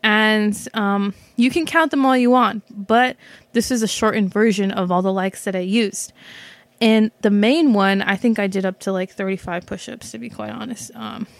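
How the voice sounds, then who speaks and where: Expressive and medium-pitched, a woman speaks at a normal speed into a microphone with no room sound. She is the host of her own show, and her casual, self-reflective commentary rambles, with lots of fillers, restarts, and casual cursing.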